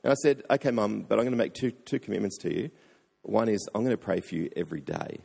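A man in his forties preaches a sermon, telling a story with earnest feeling and slipping into the voices of the people in it. His voice sits low and gravelly with a husky edge, and it rings out with the long reverb of a big hall. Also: lively intonation, fast, dark tone. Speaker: pastor.

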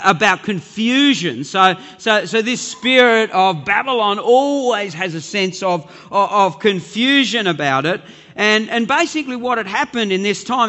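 A man's voice: high voice, bright, forceful tone, big-room sound. A man preaching a sermon as pastor, earnest and emphatic, often repeating words as he builds his point.

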